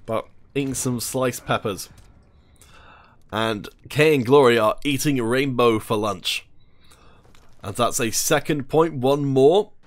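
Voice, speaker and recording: Male esports caster, chatty and casual, jokes between plays, mid-range voice. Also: medium pitch. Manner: chatty, jokey, talks while eating. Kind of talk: solo esports play-by-play commentary.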